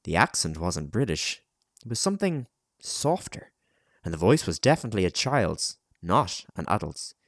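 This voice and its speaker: A man narrating an audiobook chapter in a measured, dramatic storytelling manner. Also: low voice, sing-song, no echo, studio quality.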